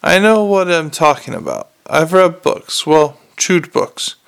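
A man voicing a scruffy, cynical talking mongrel dog with a bored, streetwise grumble and a gravelly voice. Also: fairly high pitch, measured pace, a bit bright. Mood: grumbling.

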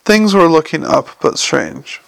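A man reading a novel aloud in an even storytelling manner, with small slips. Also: on the high side, unhurried, creaky. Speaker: audiobook reader.

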